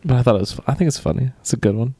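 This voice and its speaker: A man's voice: mid-range voice, very fast, creaky, warm tone, dry recording. A young man co-hosting a podcast, chatting casually and teasing with playful exaggeration. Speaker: podcast co-host. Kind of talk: casual chat.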